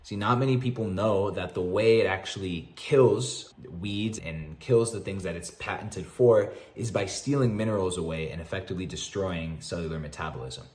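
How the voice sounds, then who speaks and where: Male practitioner, very low voice, confident and casual, explaining to camera in a roomy space. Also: normal speed, hardly any pauses, darkish tone. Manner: confident, informal, matter-of-fact explaining. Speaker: mineral-balancing practitioner. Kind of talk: explanatory health lecture to camera.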